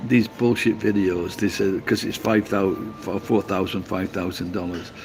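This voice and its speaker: A man's voice: low-pitched, flat delivery, moderate pace, a little mellow, a little hiss or hum. Blunt, sweary Yorkshire man. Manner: blunt, sweary, laughs at himself. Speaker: livestreamer reading chat. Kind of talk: casual live chat.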